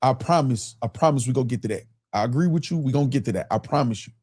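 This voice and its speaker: A man from Michigan with a Michigan accent hosting a live stream, reading chat aloud and asking his questions again and again in animated casual commentary. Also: mid-range voice, very fast, heavy background noise. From Michigan, US Midwest. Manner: animated, keeps repeating his questions, reads chat aloud, laughs often.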